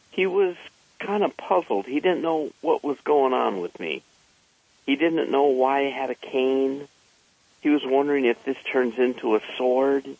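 Slow gravelly male storyteller. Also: medium pitch, no echo. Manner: slow, unhurried and conversational. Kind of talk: personal storytelling. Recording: slightly dull lo-fi recording.

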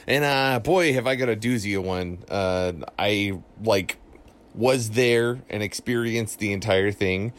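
A man's voice: on the low side, a little slow, slight background noise. A young man telling a spooky story from his childhood in a loose, rambling way, full of fillers and restarts. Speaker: listener calling in a story. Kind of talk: casual spoken ghost story.

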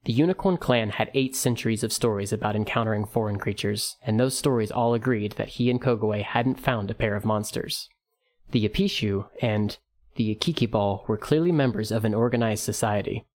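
A man narrating a fantasy novel in a measured, even storytelling manner. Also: on the low side. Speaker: audiobook narrator. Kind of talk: scripted narration.

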